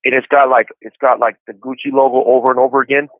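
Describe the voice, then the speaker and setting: Calling a podcast from a prison phone, this man in his forties has a mid-range voice with little pitch movement and a quick pace. He chats casually, easing through his story with many a "you know." The tinny handset recording has no echo.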